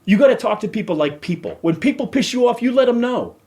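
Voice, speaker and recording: A man's voice: extremely high pitch, animated, fast, a little mellow. A middle-aged man hosting a podcast, ranting angrily and cursing heavily. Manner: profane, heated, emphatic. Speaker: podcast host. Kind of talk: angry rant.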